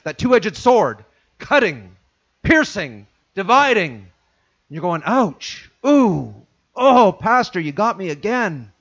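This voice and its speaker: Animated, high-pitched preaching man. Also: muffled recording. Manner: acts out congregants' inner voices in sudden hushed drops. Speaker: pastor. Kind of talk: sermon.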